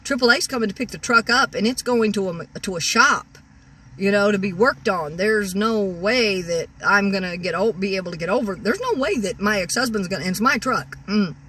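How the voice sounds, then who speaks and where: A woman's voice: mid-range voice, animated, normal speed, bright, forceful tone, far from the mic, a little hiss or hum. Rambling woman in her sixties, off-mic. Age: 60s. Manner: rambling, full of restarts and repeated words. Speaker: car-camping vlogger. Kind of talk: rambling vlog rant. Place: parked vehicle in a store parking lot.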